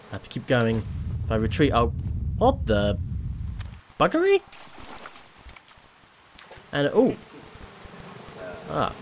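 A let's play host chats while playing a video game, his commentary rambling and self-deprecating. His voice is lowish, with a little hiss or hum on the recording.

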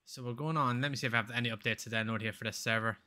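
A man's voice: mid-range voice, steady tone, racing, pushed and bright. A man chatting casually on a live game stream, rambling, swearing freely and laughing often.

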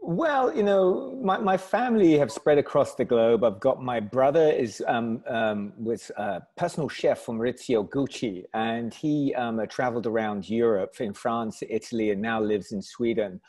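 A chatty man with a southern English accent, talking as an interview guest over a video call. His pitch sits in a normal middle range, and he laughs easily and restarts his sentences as he goes. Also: moderate pace, hardly any pauses, a little mellow. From south of England. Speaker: company founder, guest. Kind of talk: casual interview chat.

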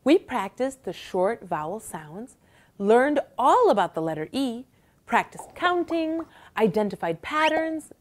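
A woman hosting a bilingual children's lesson, speaking in an encouraging sing-song way. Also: fairly high pitch. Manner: slow, lively, encouraging sing-song delivery. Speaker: children's teacher host.

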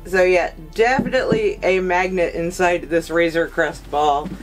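A woman's voice: on the low side, fairly even intonation, moderate pace, faint music behind, low-quality recording. A woman hosting an unboxing video, talking to her viewers in a gushing, emotional way as she unpacks a collectible figure. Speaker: collectibles reviewer. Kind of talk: excited unboxing vlog.

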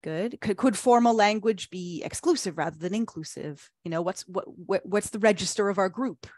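Woman presenting an online teacher-training webinar, upbeat and encouraging, mid-pitched, dry close computer mic. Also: a little mellow, no echo. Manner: upbeat, encouraging, reads chat aloud with quick praise.

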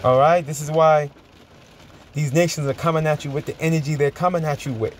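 Emphatic preacher, high voice. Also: male voice, fairly even intonation, slight background noise. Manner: emphatic, repeats "man", chuckles, reads verses slowly. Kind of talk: sermon-style Bible teaching.

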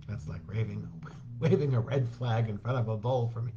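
Casting note: male storyteller in a church talk, middle-pitched and animated, dull lo-fi recording with faint hiss. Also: moderate pace. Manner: animated storyteller who acts out quoted voices with chuckles. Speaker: hospital chaplain volunteer sharing a story in a church talk.

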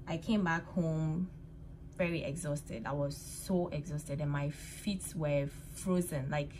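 A woman's voice: sits low, steady tone, slow, darkish tone, slight background noise. A woman vlogging to a handheld phone, chatty and laughing often, tired and cold from the winter. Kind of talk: casual vlog talk to camera. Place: outdoors in winter streets, later at home.

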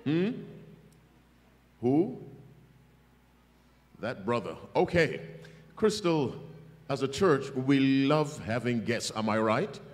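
A man's voice: medium pitch, sing-song, takes it slowly, pauses often, long reverb tail. A man preaching a revival sermon to a congregation, emphatic and calling for their responses. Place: church hall.

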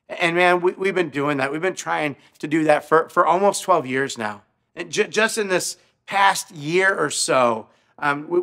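A man's voice: fairly high pitch, bright, forceful tone. A male pastor telling a story in a sermon, earnest, often repeating his words as he speaks. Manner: stammering repetitions, earnest.

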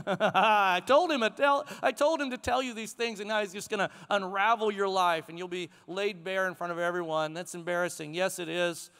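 A middle-aged male pastor preaching a sermon to his congregation in a church sanctuary, in a conversational, animated way with chuckles. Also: sits high, fairly quick. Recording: long hall reverb.

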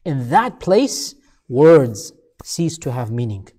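A man preaching a sermon, telling a story with emphatic repeated phrases that build up and then fall to a low, hushed voice. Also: very animated, slow.

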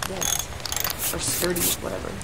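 A woman hosting a gaming channel, chatting to her game animals during solo gameplay and flaring into loud anger. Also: measured pace, heavy background noise.

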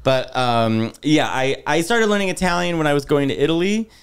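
A man chatting as a podcast guest, telling animated stories and laughing often. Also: on the high side, moderate pace, smooth. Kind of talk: casual chat.

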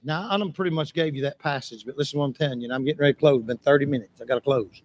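A man preaching a sermon in church, impassioned, repeating phrases for emphasis and breaking into shouts. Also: medium pitch, very fast.

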